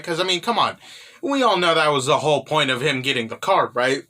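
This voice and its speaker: A man's voice: on the high side, animated, brisk, pushed and bright. A young man casually recapping a manga chapter, rambling with lots of "you know" and "right?".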